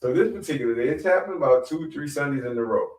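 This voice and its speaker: A middle-aged man telling a story in a rambling, animated way, often repeating himself as a podcast guest. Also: a little high, fast talker. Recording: echoey room, mic at a distance.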